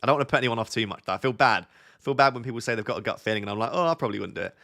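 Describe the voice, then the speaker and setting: A man's voice: mid-range voice, expressive, rapid-fire, creaky, fairly bright tone. A young man from Essex with a southern English accent, chatting casually on a live stream, reading out viewer questions and giving friendly advice as he thinks aloud. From Essex, England. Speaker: fantasy football streamer.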